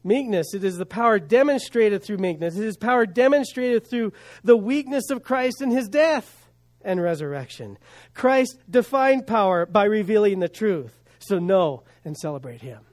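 A male pastor preaching a sermon, building emphasis with rhetorical questions and dropping to quiet asides. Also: high-pitched.

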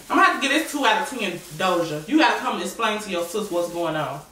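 Woman vlogger, casual chat while eating, slangy, bright, faint noise behind. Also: medium pitch, fast, hardly any pauses. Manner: slangy, animated, repeats herself. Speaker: mukbang and reaction vlogger. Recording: echoey room, mic at a distance, faint noise.

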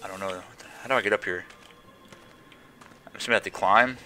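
A man's voice: on the low side, a little fast, sharp tone, faint music behind. A young man hosting a horror game playthrough, jumpy and slangy, swearing and chattering nervously at his desk mic. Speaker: gaming channel host.

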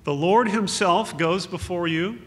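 A pastor with a high-pitched, fairly bright voice delivers an earnest, consoling memorial sermon at an unhurried pace, quoting scripture. The recording has an echoey hall sound with a faint hum.

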